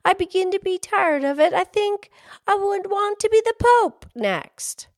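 Woman playing storybook wife, greedy, imperious, lively pitch, slow. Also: dry recording, studio quality. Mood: domineering. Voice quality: imperious and insistent. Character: greedy, demanding fisherman's wife turned pope.

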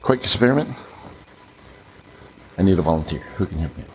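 A preacher delivers a sermon in a church, coaxing the congregation to join in. His voice sits low, and he sounds animated. A faint hum runs behind him. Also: fairly quick, pauses often, poor audio. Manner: animated, coaxes the audience.

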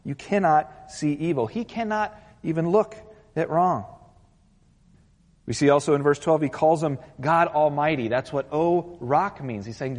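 A man's voice: a little high, measured pace. A man preaching a sermon as pastor, earnest and building to urgent intensity, after an opening prayer. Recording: long hall reverb.

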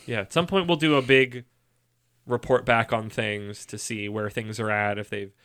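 A man's voice: on the low side, steady tone, normal speed, fairly bright tone, clean tone. A man co-hosting a podcast, chatting casually and rambling in a jokey, easygoing way. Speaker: podcast co-host. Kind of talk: casual chat.

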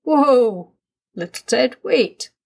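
A woman voicing a patient, gently firm father in a storybook reading, calm and reassuring. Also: mid-range voice, slow, gravelly, breathy edge, heavily acted.

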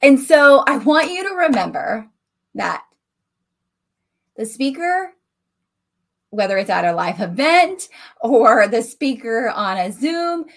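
A woman's voice: fairly high pitch, big pitch swings, slow, pauses often. A woman with a Southern US country accent hosting a casual solo podcast, talking directly and animatedly to her listeners. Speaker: podcast host and coach. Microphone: voice message recording.

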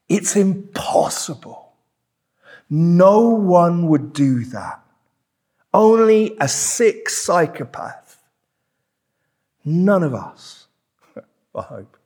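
Brief: pastor, husky, fairly high voice, emphatic sermon delivery in a church. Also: male voice, sing-song, drawn-out words, pauses often, mellow. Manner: emphatic, repeats key words.

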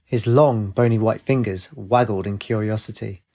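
A man's voice: lowish voice, moderate pace, warm tone. Man reading a storybook aloud. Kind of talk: storybook narration.

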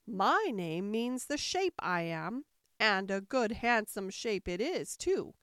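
A woman voicing a pompous, touchy male egg creature in a storybook reading, speaking slowly and emphatically with haughty scorn. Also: mid-range voice, very animated, fairly bright tone, smooth, no echo, clean studio sound.

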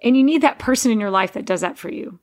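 A woman's voice: fairly high pitch, expressive, fast. A woman hosting a podcast, talking in a rambling, digressive casual monologue with frequent restarts. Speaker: podcast host.

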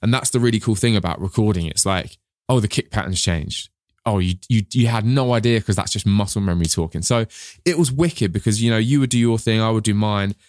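A man's voice: lowish voice, brisk, a little mellow, no echo, clean studio sound. A man co-hosting a casual podcast, talking enthusiastically with slangy phrases. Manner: enthusiastic, slangy, "mate" and "wicked". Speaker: podcast co-host and drum teacher.

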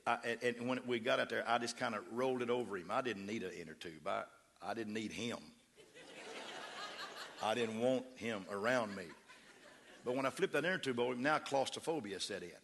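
Bright-voiced pastor telling a story. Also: male voice, mid-range voice, a little hiss or hum. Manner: animated, humorous storyteller. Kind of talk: sermon storytelling.

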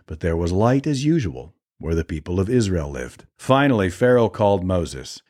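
Brief: male podcast host, daily scripture reading, low voice, calm and steady. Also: normal speed. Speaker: Bible reader and podcast host.

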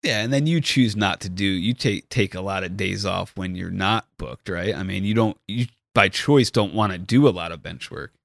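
A man, a golf caddie, chatting casually on a podcast, agreeable and quick to laugh. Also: low-pitched, vocal fry, fairly bright tone, no room sound. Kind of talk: casual chat.

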